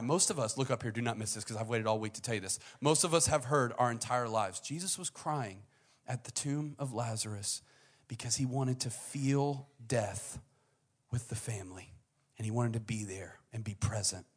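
A young man preaching in a casual, conversational style, speaking at a middle pitch. He voices the people in the story himself, moving between quiet, intimate lines and loud, raised-pitch stretches. The delivery stays plain and everyday rather than polished. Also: slightly rough. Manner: conversational preaching, swinging from soft and low to loud and high, acting out voices. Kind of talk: sermon.

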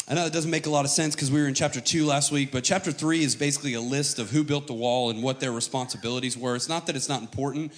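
A pastor with an American accent preaching a sermon, mixing jokes with dramatic scripture reading. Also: male voice, medium pitch, a bit bright, long reverb tail. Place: church stage with long reverb.

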